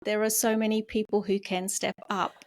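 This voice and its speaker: A woman podcast host interviewing a guest, speaking in a reflective, thoughtful way and giving soft murmurs of agreement. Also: medium pitch, level tone, normal speed, slight background noise.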